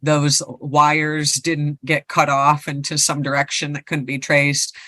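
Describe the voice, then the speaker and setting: A woman's voice: low voice, little pitch movement, takes it slowly, pushed and bright, no echo. A woman co-hosting a podcast, casually retelling a ghost story and rambling with lots of fillers. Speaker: podcast co-host.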